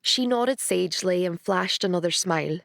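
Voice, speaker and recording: A woman narrating a story with wry, measured delivery. Her mid-range voice is recorded dry and close, with no room sound. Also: lowish voice, vocal fry, fairly bright tone, no echo. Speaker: audiobook narrator. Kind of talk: scripted narration.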